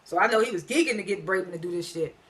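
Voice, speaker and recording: A woman's voice: fairly low pitch, racing, a bit bright. A woman casually recapping a TV episode in a chatty, slangy way and laughing between lines. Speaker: TV episode reviewer.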